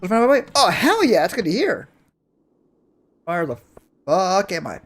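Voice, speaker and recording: A game streamer chats casually with viewers while playing, rambling and swearing freely in a live-stream style. The voice is mid-range, very animated and slow, with a fairly bright tone and a breathy edge.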